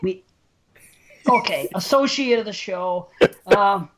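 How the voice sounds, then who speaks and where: A man co-hosting a podcast, excitable and out of breath, joking and swearing in casual chat. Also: high voice, slow pace, vocal fry. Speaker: podcast co-host.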